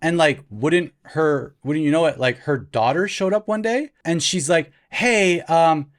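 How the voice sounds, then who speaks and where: Male podcast co-host, slightly high voice, very lively pitch, chatty storyteller. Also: normal speed. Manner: animated, acts out quotes in shifting voices. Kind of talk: casual storytelling chat.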